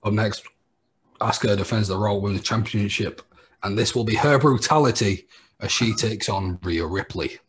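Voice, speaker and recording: A man co-hosting a wrestling podcast, making blunt, sweary, deadpan predictions in casual chat. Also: fairly low pitch, moderate pace, slightly rough. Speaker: podcast co-host.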